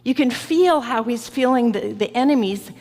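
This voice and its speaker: Woman preacher, reflective sermon, slightly high, gravelly edge, long church reverb. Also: darkish tone. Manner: reflective, personal, slow and deliberate. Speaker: guest preacher. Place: large church sanctuary.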